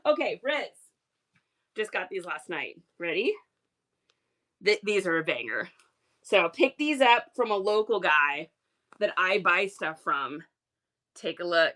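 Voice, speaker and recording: A woman hosting a casual reseller livestream, chatty, excitable and full of exclamations. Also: mid-range voice, unhurried.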